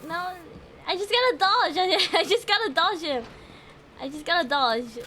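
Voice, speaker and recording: A woman streaming a horror game live, excitable, yelping, swearing and laughing as she plays. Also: extremely high pitch, normal speed, slight background noise. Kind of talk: live gaming stream commentary.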